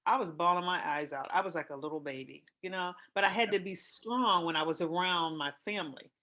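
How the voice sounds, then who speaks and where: A woman in her fifties hosting a casual talk show, telling personal stories in an emotional, expressive way. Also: fairly low pitch, a little fast. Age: 50s. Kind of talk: casual chat.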